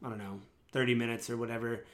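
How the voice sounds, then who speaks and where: A man's voice: mid-range voice, flat delivery, quick pace, close to an everyday voice. A man voicing a tired, overfed male adventurer companion in a tabletop game. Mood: weary.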